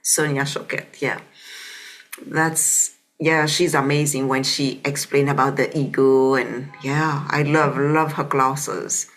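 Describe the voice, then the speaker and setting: A woman's voice: a bass voice, fairly even intonation, slow pace. A woman hosting a podcast interview, speaking reflectively and often adding "you know?". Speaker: podcast host. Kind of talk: conversational interview.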